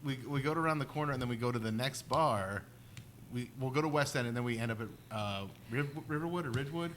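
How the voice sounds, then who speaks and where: Rambling man, bright voice. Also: medium pitch, a little hiss or hum. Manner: rambling, halting storyteller with many restarts. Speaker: podcast co-host. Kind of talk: casual chat.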